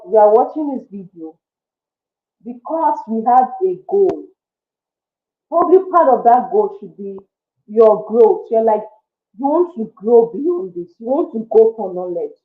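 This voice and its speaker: A woman giving a motivational talk, earnest and coaxing, repeating her points. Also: a little high. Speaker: motivational speaker. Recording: echoey, tinny phone-like sound.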